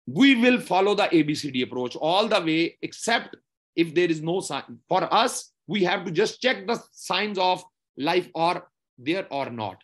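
Husky-voiced man tutoring, lively pitch. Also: measured pace. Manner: repetitive, explanatory, frequent "okay?" checks. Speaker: medical exam tutor. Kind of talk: lecture.

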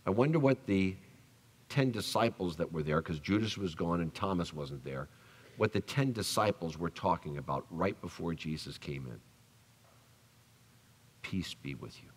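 A male pastor preaching a sermon, telling the story with animated acted-out voices and dropping soft for tender lines. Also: deep voice, moderate pace, slight background noise. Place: church sanctuary. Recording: long church reverb.

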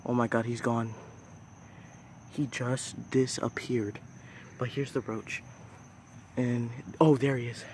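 A man's voice: medium pitch, steady tone, slow pace, pauses often, darkish tone. A young man talks casually into his phone outdoors at night, his voice sitting in an ordinary middle range. He keeps breaking into squeamish, jumpy exclamations as he narrates. A faint outdoor hiss sits under the recording. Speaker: nature vlogger.

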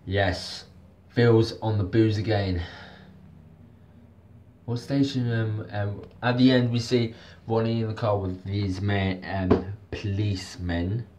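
A man talks through a casual video review at an unhurried, slow pace. His voice sits a little low, and he rambles and circles back to the same points with lots of ums and yeahs. A faint hiss of noise sits under his voice. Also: fairly even intonation. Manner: rambling, repetitive, lots of fillers. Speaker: TV soap reviewer.

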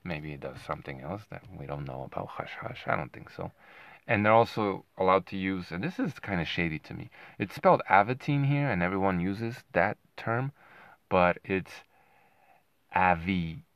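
Male commentator, very deep gravelly voice, combative and sarcastic, dry close sound. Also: animated, normal speed, fairly bright tone, no echo, dull audio. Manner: combative, sarcastic, keeps asking "right?". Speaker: boxing commentator. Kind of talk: ranting commentary to camera.

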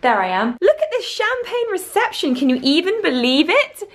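A woman's voice: very high-pitched, moderate pace. A young woman, chatting jokily in a travel vlog. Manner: jokey, playful, animated. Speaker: vlogger. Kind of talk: casual vlog chat.

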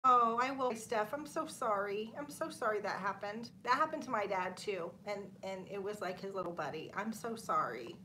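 A woman's voice: medium pitch, lively intonation, normal speed, hardly any pauses, pushed and bright, a little hiss or hum. A woman in her thirties hosting a casual livestream, chatting with viewers, reading their comments aloud and laughing often. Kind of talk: casual live chat.

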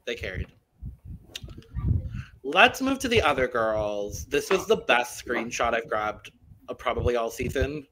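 A man's voice: mid-range voice, big pitch swings, measured pace, long pauses, pushed and bright, slight background noise, poor audio. A man hosting a casual podcast chat, steering topics in a playful, blunt way. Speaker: podcast host.

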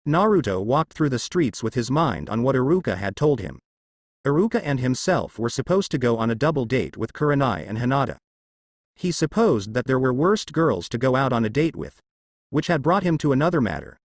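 A man's voice: medium pitch, big pitch swings, a little fast, dry recording. Man reading a fan fiction aloud. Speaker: narrator.

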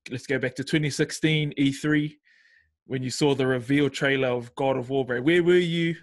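A man's voice: medium pitch, steady tone, normal speed. Laid-back New Zealand man hosting a podcast. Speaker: podcast host. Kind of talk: casual chat.

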